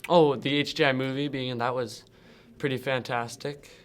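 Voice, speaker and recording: A man's voice: medium pitch, fairly even intonation, normal speed. Tall teenage boy rambling about school. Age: teens. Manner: rambling, with fillers and laughs. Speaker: student interviewee. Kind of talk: casual chat.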